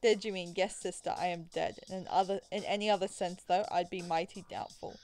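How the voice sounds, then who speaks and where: A woman voicing a smug, theatrical male vampire who speaks in a slow, emphatic Southern drawl, melodic like a preacher. She reads his lines aloud while playing a visual novel. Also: high-pitched, steady tone, a little mellow, faint music behind.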